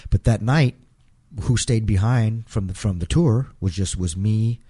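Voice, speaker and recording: Speaking as a guest in an interview, this middle-aged man stumbles through a moving story from his own life, repeating himself and performing the quotes. His pitch is fairly low, his tone dark and slightly rough.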